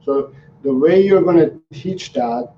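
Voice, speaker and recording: A man, a dog trainer, answering viewers' questions on a live stream in an unhurried, halting way with many ums and restarts. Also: on the high side. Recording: roomy, distant, dull sound with faint noise.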